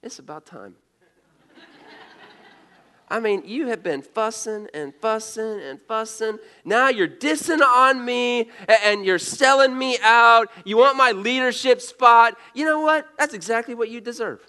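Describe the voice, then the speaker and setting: A man's voice: very high-pitched, measured pace, pushed and bright, voice pushed up, heavily acted. A male preacher voicing an exasperated male prophet leader who is fed up with his people, talking emphatically and repeating himself. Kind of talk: sermon.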